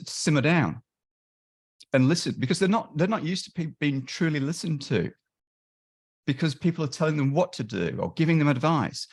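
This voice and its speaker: Animated man explaining on a call. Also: mid-range voice. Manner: animated, acts out callers and helpers in quick quoted voices; frequent restarts and self-corrections. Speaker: volunteer crisis line trainer. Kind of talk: webinar discussion. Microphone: video call.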